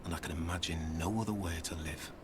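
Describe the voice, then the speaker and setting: A weary, melancholy old mercenary, as an actor plays him, his voice sitting very low and hushed. He speaks slowly and solemnly, like a game character. A clear hiss runs under the game audio. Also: fairly even intonation, natural voice.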